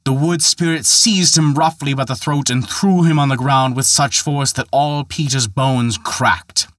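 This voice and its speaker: A man's voice: steady tone, unhurried, fairly bright tone, no room sound, clean studio sound. A man narrating a folktale in a scripted, dramatic telling. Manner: dramatic, raises pitch and volume for quoted characters. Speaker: storyteller.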